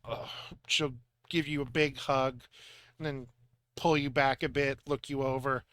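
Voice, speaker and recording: A man's voice: medium pitch, steady tone, unhurried, a bit bright, clean tone, dry recording, studio quality. A man running a tabletop game as dungeon master, narrating loosely with many fillers and restarts.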